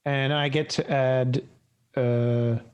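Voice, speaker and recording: A man's voice: medium pitch, little pitch movement, slow pace, clear, resonant tone, highs cut off. A man as a player in a tabletop game, talking casually and a little hesitantly.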